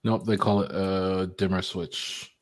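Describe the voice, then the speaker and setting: A man's voice: low-pitched, level tone, measured pace, no room sound. A man co-hosting a home tech podcast, joking around in laid-back casual chat. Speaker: podcast co-host.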